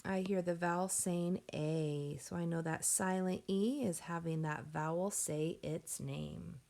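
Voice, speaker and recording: A woman teaching a phonics lesson to young children, sounding out words slowly and clearly and encouraging the class. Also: lowish voice, steady tone, darkish tone. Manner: encouraging, addresses class as friends.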